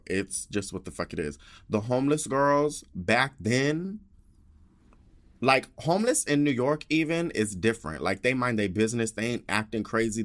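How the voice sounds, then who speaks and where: A man's voice: mid-range voice, fairly bright tone. A man hosting a podcast, telling a story in a sassy, dramatic rant full of swearing and asides. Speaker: podcast host.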